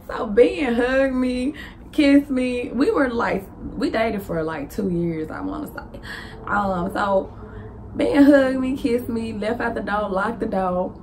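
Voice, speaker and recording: Young Southern woman vlogger, animated storyteller who jumps into high voices for dialogue, faint hiss behind her. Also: slow pace. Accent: Southern US (Memphis). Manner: lively, laughing, acts out dialogue with big pitch jumps.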